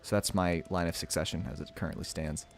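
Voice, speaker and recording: A man giving casual live commentary while streaming a strategy game, thinking out loud and reading the game's text aloud. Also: low voice, steady tone, quick pace, creaky, faint music behind.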